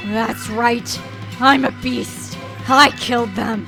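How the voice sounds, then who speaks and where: A woman voicing a cold, murderous male beast lord in a visual novel, speaking low and menacing. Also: takes it slowly, over music. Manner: low, menacing, steady threats.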